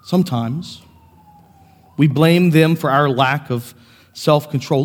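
A man preaching a sermon as pastor, earnest, moving between quiet reflection and raised, impassioned passages. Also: a little high, takes it slowly, pauses often, big-room sound. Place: church sanctuary.

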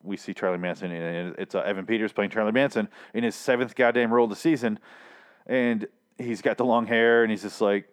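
A man's voice: lowish voice, steady tone, fairly quick. A young man casually recapping a TV episode, swearing freely and acting out the characters' lines. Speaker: TV recap vlogger.

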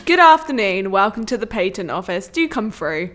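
A woman's voice: mid-range voice, big pitch swings, moderate pace, music in the background, close to an everyday voice. A woman playing a polite, hesitant patent office clerk in a comedy sketch.

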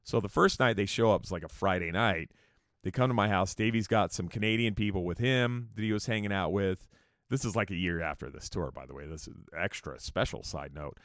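A man's voice: deep voice, brisk, a bit bright, dry recording, studio quality. A man telling casual, profane tour stories in a rambling way with joking asides. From California. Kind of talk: casual storytelling monologue.

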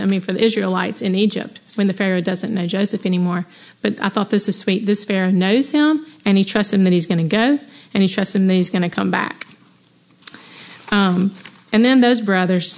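A woman leading a women's Bible study, reading scripture aloud and commenting in an excited, conversational way with many rhetorical questions. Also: mid-range voice. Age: adult mother. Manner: enthusiastic, conversational, exclaims and asks rhetorical questions.

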